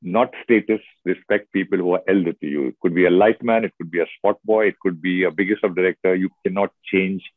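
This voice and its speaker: A middle-aged man with an Indian English accent speaks in a fairly low voice and chats with expressive, story-driven energy. The sound is dry and close, with no room around it, and thin and tinny like a phone line. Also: quick pace, hardly any pauses, no echo. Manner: expressive, storytelling, lively asides. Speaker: actor guest. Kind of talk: casual interview chat.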